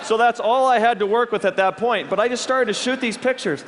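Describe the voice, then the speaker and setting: A man telling stories on stage in an animated way, with halting restarts and quick laughs. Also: extremely high pitch, background noise. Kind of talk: storytelling talk on stage. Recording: long reverb of a large hall.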